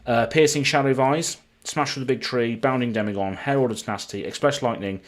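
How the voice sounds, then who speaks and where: With a mid-range voice and a slightly quick pace, a British man from the United Kingdom chats his way through a live pack opening. He reads card names out loud one after another in a steady running list.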